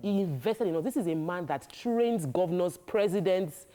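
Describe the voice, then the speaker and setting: A woman's voice: fairly low pitch, lively intonation, normal speed, dark tone. A woman, a talk show co-host, reminiscing earnestly in casual chat. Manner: earnest, reminiscing with small laughs.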